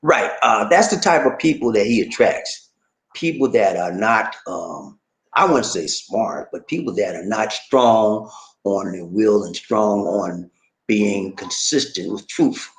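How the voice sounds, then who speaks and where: A man from Charleston, South Carolina speaks in an unhurried, fairly low voice as he hosts a casual livestream. He's lively, chatting with viewers, reading comments aloud and laughing often, and the recording is reverberant and low quality.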